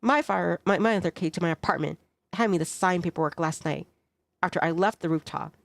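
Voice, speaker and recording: A woman reads a young man in a romance game who speaks low and gently. His tone is remorseful and earnest, with a touch of gravel in it. The sound is close and dry. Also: fast, no echo. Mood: explaining. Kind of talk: reading a dating game aloud.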